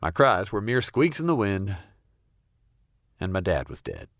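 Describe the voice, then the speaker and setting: Brief: young male storyteller, very low voice, deadpan, dry close mic. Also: a little slow, no room sound. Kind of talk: comedic first-person storytelling.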